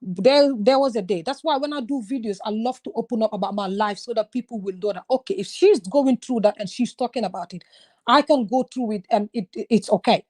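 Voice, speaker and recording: A woman's voice: fairly high pitch, brisk, darkish tone. A woman from Gambia, talking openly and earnestly in a casual conversation about her own experiences. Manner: earnest, open, confiding. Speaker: guest sharing personal experience.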